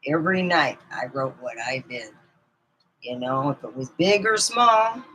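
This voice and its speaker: A woman's voice: extremely low pitch, lively intonation, measured pace, bright, forceful tone, slight background noise, poor audio. A middle-aged woman telling rambling personal stories in a casual vlog, laughing often as she goes. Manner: rambling, chatty, laughs often mid-story. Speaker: vlogger.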